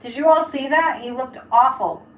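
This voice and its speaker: A woman's voice: sits high, moderate pace. Chatty woman reading tarot live. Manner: chatty, laughing, rambling asides to chat. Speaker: psychic reader hosting a live stream. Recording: echoey room, faint background hiss.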